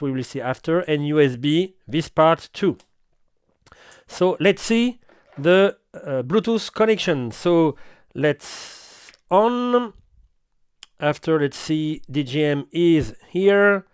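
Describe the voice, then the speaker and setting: A man reviewing gear in slightly halting English, often restarting his sentences. His voice is smooth and sits a little on the high side, and the recording is close and dry. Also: no room sound. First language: French. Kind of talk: product demo walkthrough.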